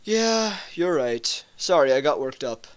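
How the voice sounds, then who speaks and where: A woman voicing a protective, quick-tempered young man in a visual novel, speaking earnestly and stumbling over words when upset. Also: low voice, big pitch swings. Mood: worried.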